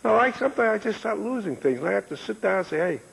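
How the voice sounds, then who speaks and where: A man in his eighties spins loose, joking stories in a high, gravelly voice that swings widely in pitch. His tone is very husky. The room behind him rings with a long echo. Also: lively intonation, quick pace, a bit bright. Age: 80s. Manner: rambling, joking storyteller who laughs often. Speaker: interview guest, author. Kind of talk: casual chat. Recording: long echoing reverb.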